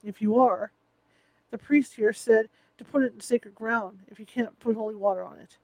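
A man's voice: high-pitched, fairly even intonation, normal speed, no echo, low-quality recording. Sleepy caring wife, as a man reads her. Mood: sleepy concern. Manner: drowsy, gently reassuring.

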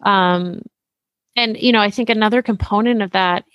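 Woman guest on a podcast, reflective and chatty, mid pitch, dry recording. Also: steady tone, normal speed, a bit bright, dry recording. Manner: reflective, casual, uses "like" often. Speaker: interview guest, memoir author. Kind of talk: casual conversational interview.

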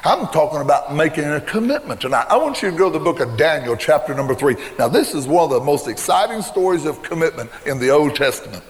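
A man's voice: on the high side, animated, fast, hardly any pauses. An older man preaching a sermon, telling a folksy story from his own past with emphatic repeated refrains. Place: church. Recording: long reverb in a church hall.

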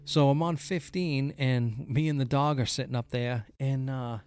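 A man's voice: medium pitch, fairly even intonation, normal speed, darkish tone, smooth. A man who works at a golf course, telling a story in casual chat, swearing often and acting out the golfers' voices.

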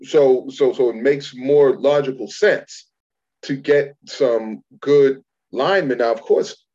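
A man's voice: medium pitch, slow pace, mellow, highs cut off. A man co-hosting a casual sports talk, who stammers and repeats his opening words.

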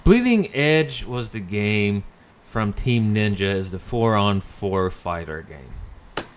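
A man chatting casually about video games, relaxed and trailing off, correcting himself as he goes. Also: lowish voice, slow. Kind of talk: casual gaming chat.

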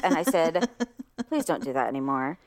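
A woman in her forties co-hosting a casual chat, expressive and quick to laugh, often quoting herself. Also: sits low. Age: 40s. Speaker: podcast co-host.

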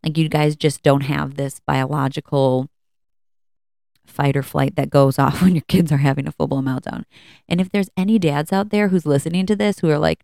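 Female podcast host, chatty and candid, low voice, smooth with some fry. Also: normal speed, darkish tone, no echo, clean studio sound. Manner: candid, chatty, with many fillers and restarts. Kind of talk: casual personal talk. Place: at home.

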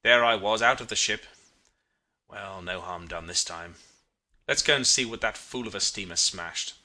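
A man voicing a gruff sixty-year-old sea captain who growls his words, in an audiobook reading. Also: lowish voice, normal speed, sharp tone, voice pushed down.

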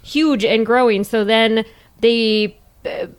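A woman's voice: fairly high pitch, fairly even intonation, slow, clear, resonant tone. Chatty woman podcast co-host. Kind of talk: casual chat, telling history.

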